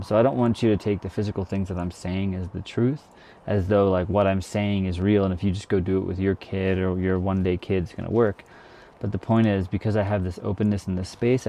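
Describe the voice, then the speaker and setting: A man's voice: low-pitched, warm tone. A young man, a new father, talking earnestly and reflectively to his viewers, full of "like" fillers and restarts. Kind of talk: reflective casual monologue to camera.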